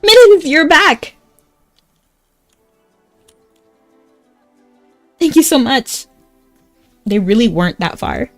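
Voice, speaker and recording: A woman's voice: mid-range voice, big pitch swings, normal speed, vocal fry, faint music behind. A woman voicing a small, earnest village girl who lost her cat and asks for help. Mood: grateful. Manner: earnest, pleading.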